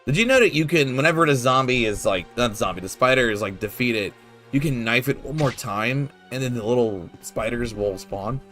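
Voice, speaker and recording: A man's voice: medium pitch, lively intonation, normal speed, fairly bright tone, faint music behind. A man casually commenting while playing a video game, rambling and laid-back with lots of fillers and the odd swear word. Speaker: gameplay streamer.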